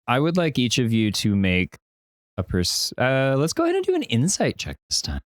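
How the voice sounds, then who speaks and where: Animated male game master. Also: medium pitch, normal speed, no room sound. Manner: animated, descriptive narration. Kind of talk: narrating a tabletop game on a podcast.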